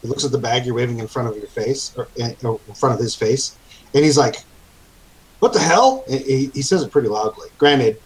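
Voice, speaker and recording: A man's voice: medium pitch, fairly even intonation, poor audio. A man runs a tabletop game in a mid-range voice, narrating the scene at a casual pace. He often halts with fillers and restarts his sentences. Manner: halting, with many fillers and restarts. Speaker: game master.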